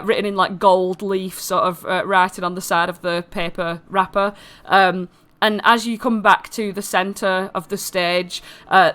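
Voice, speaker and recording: A woman's voice: mid-range voice, a bit bright, smooth. A woman narrating a tabletop game as game master, describing scenes loosely with many fillers. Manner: rambling, filler-heavy description.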